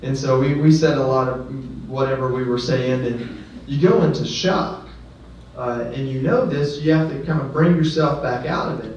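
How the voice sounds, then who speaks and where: A man speaks to a gathered audience in a plain, mid-pitched voice, earnest and conversational, with a few self-deprecating asides. His voice is caught from a distance in a very echoey hall, and the sound is dull, with faint noise behind it. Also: moderate pace, a little mellow. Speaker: guest speaker. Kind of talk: personal story speech. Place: ceremony venue.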